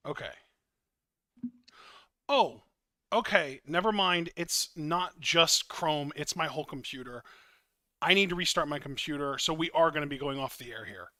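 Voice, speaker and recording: A man's voice: on the high side, moderate pace, pauses often, sharp tone, no echo, studio quality. A man hosting a casual podcast stream from his computer, talking frankly and swearing freely. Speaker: podcast host running the stream. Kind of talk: casual chat. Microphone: computer mic on a call.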